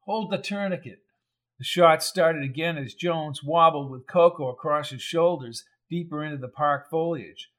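A man reading a crime novel aloud in even, measured scripted narration. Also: a little high. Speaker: audiobook narrator.

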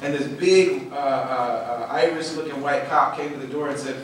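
Male storyteller, emphatic and animated, slightly raised pitch, distant mic with heavy room echo and faint noise. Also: normal speed. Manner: animated, emphatic, repeats words for stress. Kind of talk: passionate storytelling talk.

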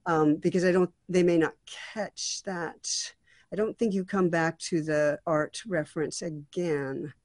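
A woman's voice: lowish voice, steady tone, a little slow, darkish tone, no echo. A woman acting as a songwriting mentor, giving thoughtful feedback on a song draft with frequent restarts and fillers.

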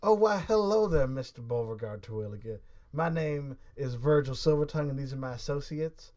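A man voicing a smooth-talking con man who pushes his services with wheedling sales patter. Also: mid-range voice, animated, fairly quick, a little mellow, natural voice. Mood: smarmy.

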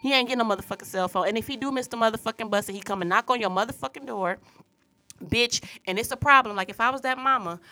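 A woman's voice: a little high, fast, sharp tone, no echo. Furious, foul-mouthed woman ranting. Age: adult parent. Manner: angry, profanity-laden ranting. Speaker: podcast co-host. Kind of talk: casual podcast chat.

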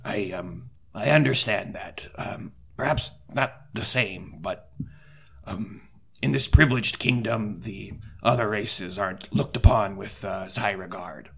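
A man playing an earnest cleric at a tabletop game, soft-spoken and measured, with pauses. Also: on the low side, gravelly, husky. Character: earnest male cleric recruiter. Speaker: player voicing a cleric. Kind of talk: tabletop role-play in character.

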